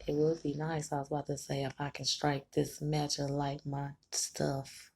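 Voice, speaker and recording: A woman's voice: deep voice, completely flat delivery, normal speed, gravelly, darkish tone, slightly rough. A woman vlogger talking candidly to the camera, chatty and frank, swearing freely and laughing between thoughts. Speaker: tarot-reading vlogger. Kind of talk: candid personal talk to camera.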